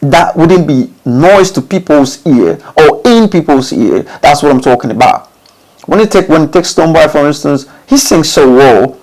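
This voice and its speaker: A man's voice: normal speed, rough recording. A man giving informal advice to recording artists, often restarting phrases and asking rhetorical questions. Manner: repetitive, restarts phrases, rhetorical questions, lively pitch swings. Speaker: music studio instructor.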